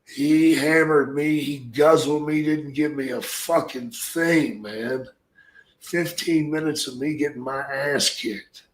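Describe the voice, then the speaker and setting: A man, a retired pro wrestler, telling gruff, profanity-laced stories in casual podcast chat. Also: a little high, fairly even intonation, slow pace, echoey room. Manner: gruff, profane, rambling anecdotes.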